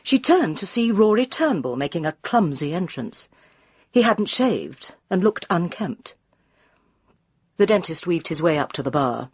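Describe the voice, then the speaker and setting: A woman reading a village mystery aloud with measured storytelling. Her voice is husky and her pitch moves a lot. The recording is dry and close. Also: sing-song, a little mellow, dry recording. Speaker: audiobook reader. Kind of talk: scripted narration.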